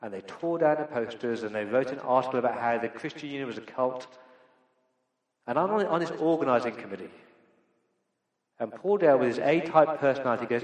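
A man's voice: medium pitch, animated, brisk. A middle-aged man preaching a sermon as pastor, earnest and emphatic with repeated phrases. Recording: echoey church hall with long reverb.

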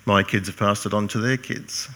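A man's voice: fairly low pitch, steady tone, normal speed, pushed and bright. An older man preaching a sermon, earnest and emphatic, posing rhetorical questions to his congregation. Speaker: pastor.

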